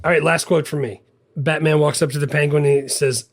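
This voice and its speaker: A man co-hosting a casual movie podcast, animated and laughing often as he quotes scenes. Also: on the high side, fairly quick. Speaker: podcast co-host.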